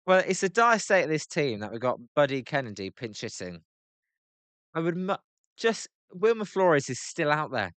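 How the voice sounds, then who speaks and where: British male streamer, casual play-by-play, smooth clear voice, dry close sound, gripes and chats with viewers. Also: fairly high pitch, sing-song, moderate pace, fairly bright tone, no echo. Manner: chatty, answers chat by name, grumbling. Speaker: live-stream host. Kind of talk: casual live play-by-play reaction.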